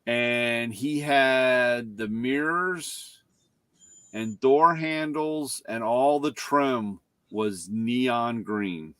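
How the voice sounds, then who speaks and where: A man's voice: medium pitch, extremely slow, a bit bright, clean tone, no room sound. A man co-hosting a casual chat, rambling through anecdotes with many restarts and quoted dialogue. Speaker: co-host. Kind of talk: casual car-hobby chat.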